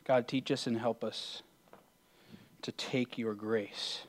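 Male pastor, even and level delivery, earnest closing prayer. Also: mid-range voice, slow.

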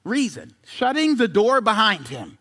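A male pastor delivers a sermon in a high, bright, forceful voice that leaps around in pitch. He talks conversationally, tossing rhetorical questions and asides at his listeners. He reads scripture aloud with dramatic pauses. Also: sing-song.

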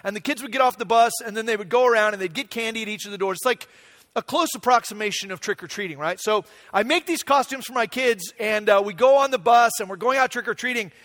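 A pastor in his forties, his voice sitting high and a bit bright, preaches at a quick pace while telling a family story. He keeps it conversational and checks in with the room by asking "right?"

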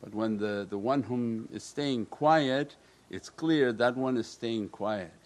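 Man, religious teacher, calm measured sermon voice, answering questions. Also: mid-range voice. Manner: calm, repetitive, with Arabic prayer phrases.

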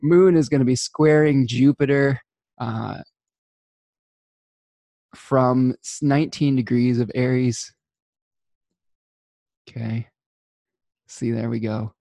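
A man's voice: medium pitch, fairly even intonation, slow pace, vocal fry, pauses often, warm tone, dry recording. A man giving a weekly astrology forecast in a casual, rambling way, with frequent restarts, fillers and small laughs.

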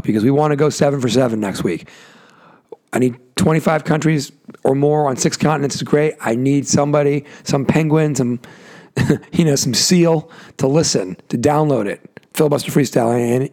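Solo podcast host, male, gravelly and husky, worn-out voice, rambling and chatty. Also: medium pitch, a little mellow. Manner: rambling, self-interrupting, joking asides. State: tired, voice worn out. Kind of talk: casual solo podcast monologue. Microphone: adjusting a desk mic himself.

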